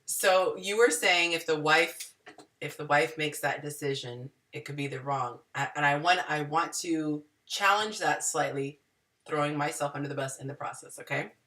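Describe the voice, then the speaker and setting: A woman hosting a casual group video chat, an animated, self-deprecating storyteller who acts out the people she quotes. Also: low voice, moderate pace, recorded from a distance. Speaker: host. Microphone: video call.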